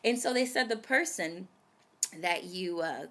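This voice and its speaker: Animated, bright-voiced young woman storyteller. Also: on the low side, measured pace. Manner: animated, dramatic storytelling that addresses viewers directly. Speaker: vlogger. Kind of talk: casual storytelling to camera.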